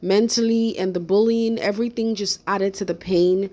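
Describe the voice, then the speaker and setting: A woman's voice: mid-range voice, steady tone, moderate pace, mellow. Opinionated woman reacting for her viewers. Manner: opinionated, chatty, addresses viewers directly. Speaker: commentary YouTuber. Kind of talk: reaction commentary.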